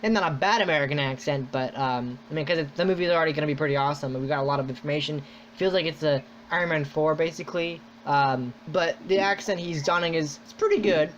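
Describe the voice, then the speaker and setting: A man hosting a podcast in casual chat, rambling and excitable, full of "like". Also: on the high side, quick pace, slight background noise. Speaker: podcast host. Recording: dull lo-fi sound.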